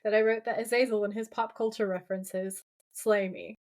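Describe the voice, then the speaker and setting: A woman's voice: medium pitch, steady tone, moderate pace, a little mellow. A woman co-hosting a podcast, casually recapping a TV episode, swearing freely and acting out quoted lines. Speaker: podcast co-host.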